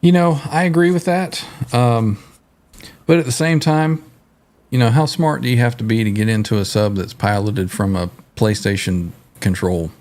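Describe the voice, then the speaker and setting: A man's voice: mid-range voice, moderate pace, a little mellow. A man in a casual chat, bantering and joking.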